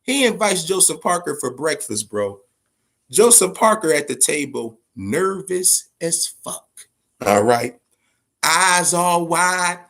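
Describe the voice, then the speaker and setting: Man, boxing show host, high voice, profane, rambling. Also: sing-song, slow pace, gravelly, fairly bright tone. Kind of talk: casual boxing talk show.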